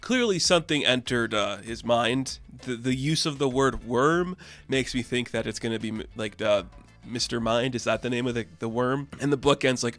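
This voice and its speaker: A man's voice: medium pitch, normal speed, a bit bright, faint music behind. A man giving a casual, enthusiastic comic book review, chatty and full of "like". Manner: chatty, enthusiastic, says "like" often.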